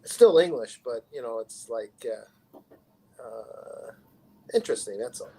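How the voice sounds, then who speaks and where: A man from Canada with a Canadian accent, chatting casually and rambling, his lines trailing off quietly at the end. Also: mid-range voice, lively intonation, a little slow, slightly rough, low-quality recording. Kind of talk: casual livestream chat.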